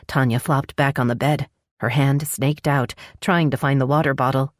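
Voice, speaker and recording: A woman narrating a romance audiobook with a steady storytelling delivery. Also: rumbling low, normal speed, no echo, studio quality.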